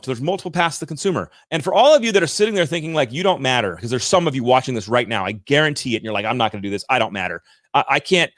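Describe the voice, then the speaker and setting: A man in his thirties hosting a livestream, giving an energetic, emphatic motivational rant on sales and talking straight to his viewers. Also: mid-range voice, dry recording, clean studio sound. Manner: energetic, emphatic and ranting, addresses viewers directly. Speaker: livestream host and sales coach.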